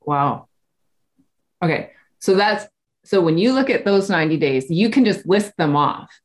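A woman's voice: lowish voice, lively intonation, a little slow. A woman coach hosting a casual interview, candid and swearing freely, with frequent "like" and "right?" between her thoughts. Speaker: podcast host and coach.

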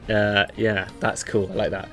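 A man's voice: on the low side, level tone, moderate pace, bright, forceful tone, faint music behind. A man, the host and dungeon master of a tabletop game show, talking in a rambling way full of "like" and "sort of". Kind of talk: casual game narration and outro chat.

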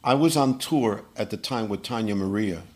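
A man from Puerto Rico, a guest musician telling animated stories in an interview, often repeating words. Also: fairly low pitch, normal speed. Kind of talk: storytelling interview.

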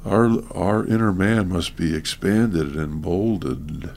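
A man with a very deep, gravelly voice talks slowly and earnestly, pausing often with fillers as he explains his teaching. A faint hiss sits under the recording. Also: a little mellow. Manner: slow, earnest, halting with many fillers. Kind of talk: casual conversation.

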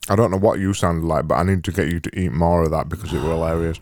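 A man's voice: low voice, fairly even intonation, fast, a little mellow, no echo, studio quality. A man co-hosting a casual podcast chat, teasing his friend playfully. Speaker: podcast co-host.

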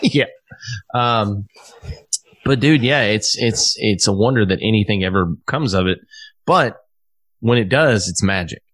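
A man with a lowish voice hosts a loose podcast conversation. He rambles, swears freely and restarts his sentences often. The sound is dry, with no room echo. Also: unhurried, pauses often, a bit bright. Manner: rambling and profane, with many restarts. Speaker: podcast host, musician. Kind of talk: casual chat.

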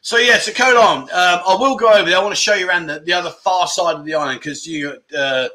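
A man's voice: high-pitched, fast, pushed and bright. A middle-aged man hosting a casual livestream, chatting and joking while reading out viewer comments. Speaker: livestream host.

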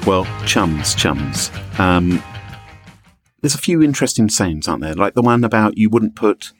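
A man with a low, husky voice co-hosts a casual podcast, keeping it hushed and playful while his pitch still swings widely. He is tucked into a small, echoey room. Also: expressive, a little slow, faint music behind. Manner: quiet, whispery and playful. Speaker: podcast co-host.

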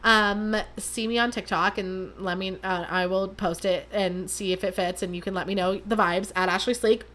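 A woman's voice: mid-range voice, fairly even intonation, normal speed, few pauses, fairly bright tone. A young woman hosting her own podcast, chatting casually and mocking herself, with lots of fillers. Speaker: podcast host. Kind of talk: casual solo podcast chat.

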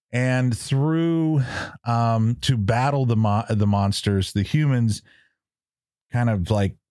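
A man's voice: fairly low pitch, darkish tone, no echo, clean studio sound. A man co-hosting a podcast, chatting casually and rambling through explanations with frequent laughs. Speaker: podcast co-host. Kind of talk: casual chat.

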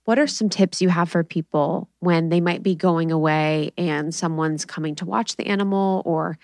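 A woman hosts a podcast in casual, chatty conversation, telling stories with animation and asking questions. Her voice sits on the lower side, and the recording is dry and close. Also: steady tone, moderate pace, a little mellow, no echo. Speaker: podcast host.

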